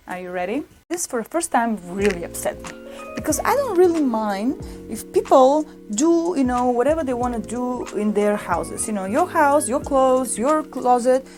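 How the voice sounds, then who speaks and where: Playful joking woman fashion vlogger. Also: high-pitched. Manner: playful, joking, lively storytelling. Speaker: fashion vlogger reacting to a show. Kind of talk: comedic reaction commentary. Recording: music playing underneath.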